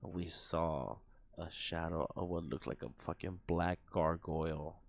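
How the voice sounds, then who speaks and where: A man's voice: deep voice, steady tone, unhurried, vocal fry, no room sound. A young man streaming live, telling a story in a rambling, profane way, full of fillers and sound effects.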